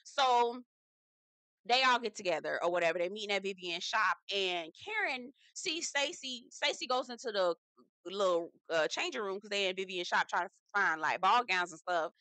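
A woman's voice: mid-range voice, animated, normal speed, sharp tone, no echo. A woman hosting a reality TV recap, talking in a sassy, profane, gossipy way with lots of chatty asides. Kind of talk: casual gossipy commentary.

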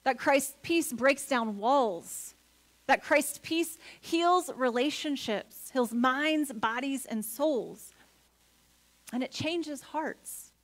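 A woman pastor preaching a sermon in a church, earnest, building to emphatic points and then dropping soft. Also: sits high, slow pace. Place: church sanctuary.

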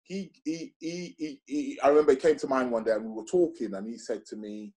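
Brisk and medium-pitched, a middle-aged man trades stories as a guest in a laid-back interview. He's animated, voicing other people's lines and leaning heavily on slang.

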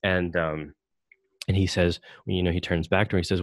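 Male podcast host, deep voice, dry close sound, halting casual delivery full of fillers. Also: steady tone, no room sound. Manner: hesitant, many fillers and restarts. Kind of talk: casual conversational discussion.

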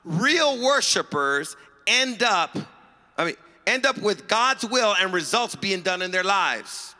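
A man pastor preaching a sermon, fervent, shouting praise calls and retelling a story with quick emphasis. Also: sits high, lively intonation. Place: church sanctuary. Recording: long reverb of a church hall.

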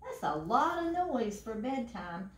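A woman voicing a sleepy, gentle male fox who speaks softly and kindly. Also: a little high, sing-song, unhurried, voice pushed up. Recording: roomy and distant from the mic.

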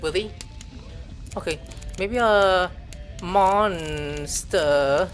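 Slow-talking excitable young man gaming. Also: sits high, over loud music. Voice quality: excitable, reads game text aloud haltingly. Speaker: gameplay streamer. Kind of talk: casual game commentary.

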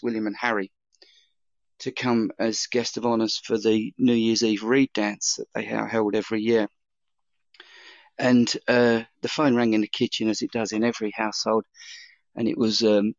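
A chef telling long anecdotes in a casual interview, with many fillers and restarts. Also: male voice, on the low side, no room sound, lo-fi sound. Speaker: chef guest.

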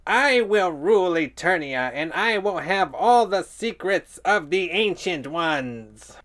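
A man's voice: sits high, lively intonation, slow pace, a bit bright, pitched above the performer's own voice, exaggerated voice. A man voicing a sinister, hissing male skeleton villain with a theatrical, gloating, cackling manner.

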